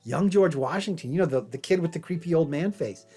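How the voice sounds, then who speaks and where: A man's voice: fairly high pitch, lively intonation, fairly quick, mellow, breathy edge. A man voicing a hesitant, plain-spoken farmhand who stammers in a folksy way, over faint jazz piano.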